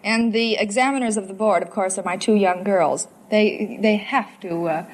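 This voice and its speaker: A woman's voice: mid-range voice, moderate pace. A young woman from Los Angeles, a contestant on a 1950s radio quiz, answering the host in a cheerful, earnest way.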